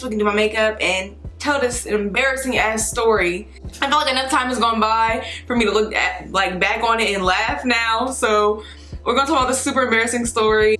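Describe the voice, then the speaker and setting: A woman's voice: a little high, fairly bright tone. Chatty young woman with echoey room sound. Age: young adult. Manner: chatty, slangy, swearing, tangents. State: hiccuping. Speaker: beauty vlogger. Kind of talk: casual storytime chat while doing hair and makeup.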